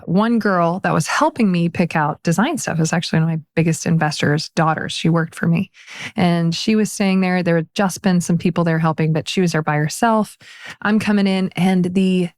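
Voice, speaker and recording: A woman guest on a podcast, telling a personal story in lively, casual conversation and laughing often. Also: on the low side, moderate pace.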